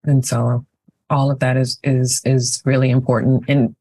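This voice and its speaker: Woman on a podcast, lowish voice, halting and thoughtful, dry sound. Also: little pitch movement, mellow, husky, no echo. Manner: reflective, halting, many restarts. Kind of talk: casual podcast chat.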